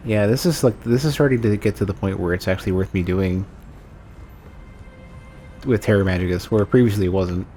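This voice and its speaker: A man's voice: fairly low pitch, a little fast, pauses often, warm tone, soft background music. A man streaming a video game, thinking aloud about damage numbers and reacting as he plays in casual commentary.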